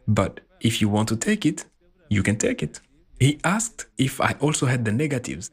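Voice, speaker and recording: A man voicing a translated interview, telling his story in an animated way. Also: mid-range voice, normal speed, slightly rough. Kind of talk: voiced-over translation.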